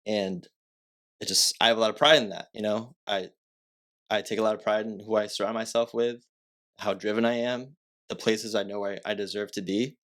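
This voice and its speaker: Slightly low-voiced young man telling a story. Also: flat delivery, normal speed, a bit bright. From Massachusetts. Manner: rambling, heavy filler words, self-correcting. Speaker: podcast guest. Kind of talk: casual storytelling.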